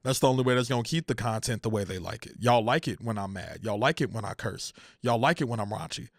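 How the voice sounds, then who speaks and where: A man's voice: mid-range voice, fast talker, dry recording. Young guy ranting heated and sweary on a dry close mic, keeps repeating himself. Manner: heated, profane, repeats phrases, rising to near shouting. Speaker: content creator. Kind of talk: emotional casual rant.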